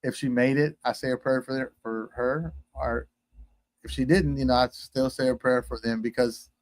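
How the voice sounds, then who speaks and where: A man's voice: medium pitch, steady tone, normal speed, no room sound. A man from Texas, a guest telling a personal story in casual conversation, acting out the voices he quotes.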